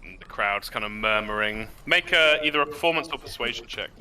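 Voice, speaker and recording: A man narrating and running a tabletop role-playing game in a relaxed, chatty way. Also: medium pitch, brisk, smooth. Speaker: game master.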